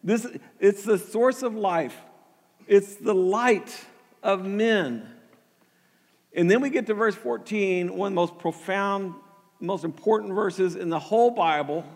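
A man's voice: high voice, measured pace, long reverb tail. A man preaching a sermon with earnest energy, often repeating words as he starts a thought and building to emphatic peaks. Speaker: pastor.

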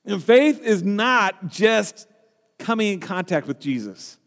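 Pastor guy preaching, highish voice, acts out the people in the story, big echoey hall. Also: slow pace. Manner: animated, acts out the people in the story, self-deprecating asides. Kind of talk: sermon.

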